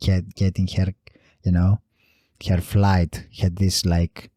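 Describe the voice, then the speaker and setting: Slow, dark-voiced man rambling a story. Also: low voice, little pitch movement, no room sound, clean studio sound. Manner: rambling, laughs through his story. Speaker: podcast host. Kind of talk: solo comedy storytelling.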